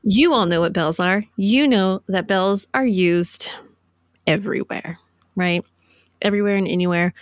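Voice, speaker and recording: A woman's voice: mid-range voice, unhurried, dry recording, clean studio sound. A woman co-hosting a podcast in casual chat, rambling and laughing through her asides. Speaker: podcast co-host.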